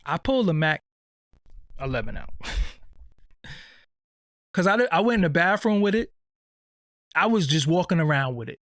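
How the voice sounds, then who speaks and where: Brief: New man, fairly high voice, animated and slangy, dry close sound. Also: a little slow, pauses often, no echo. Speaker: storyteller. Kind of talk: casual anecdote.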